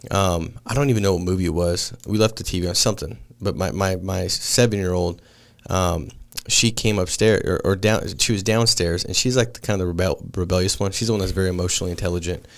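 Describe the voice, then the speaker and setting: Laid-back low-voiced male podcast host. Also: fast, gravelly. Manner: laid-back, says dude and man a lot. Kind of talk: casual podcast chat.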